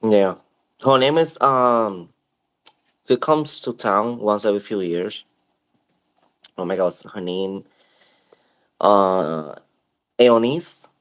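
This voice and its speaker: Rambling, low-voiced man telling a story. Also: slow pace, pauses often. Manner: rambling, animated retelling with many fillers. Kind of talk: casual chat, storytelling.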